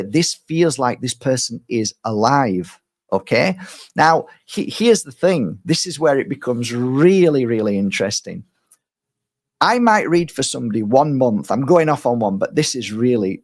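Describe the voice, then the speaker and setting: A middle-aged man who works as a spiritual healer talks to his viewers in a loose, rambling way. He often circles back, repeating words and restarting his sentences. His voice sits at an ordinary, middle pitch for a man. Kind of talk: casual spiritual talk to viewers.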